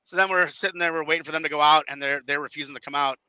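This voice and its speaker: A man in his thirties with a Chicago-area accent, an independent wrestler guesting on a podcast, tells stories in an animated, casual way, acting out others in loud bursts and swearing freely. His voice is a little high, rapid-fire, and clean in tone, recorded dry, though the podcast audio sounds dull and lo-fi.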